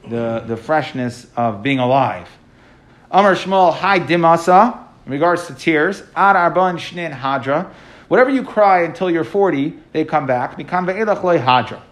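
A man teaching a Talmud class, translating the text line by line and explaining it with frequent fillers. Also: fairly high pitch.

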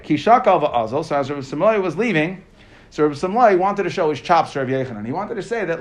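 Man, high voice, daily Talmud class, explains line by line. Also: lively intonation, quick pace. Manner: explains text line by line, translating and asking questions. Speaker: Talmud teacher.

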